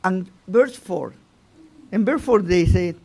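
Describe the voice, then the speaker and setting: A man with a fairly high voice gives an unhurried, informal Torah lesson. He stops and restarts his phrases and keeps checking in with his listeners by asking "you know?". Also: vocal fry, darkish tone. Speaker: rabbi teaching the weekly Torah portion.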